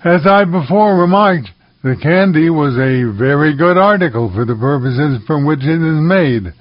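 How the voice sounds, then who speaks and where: Storyteller host reading aloud with flair; dry, dull recording. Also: male voice, mid-range voice, no echo.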